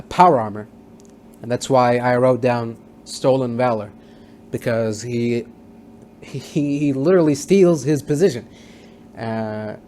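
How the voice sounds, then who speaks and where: A man's voice: mid-range voice, a little mellow, a little hiss or hum. Rambling man recapping a TV episode. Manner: rambling, with many fillers and restarts. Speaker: TV show reviewer. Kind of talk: casual spoken episode recap.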